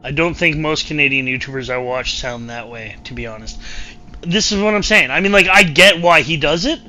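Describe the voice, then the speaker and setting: A man's voice: on the high side, fairly quick, sharp tone. A man streaming a game and chatting casually, rambling and repeating himself as he talks. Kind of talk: casual gameplay chat.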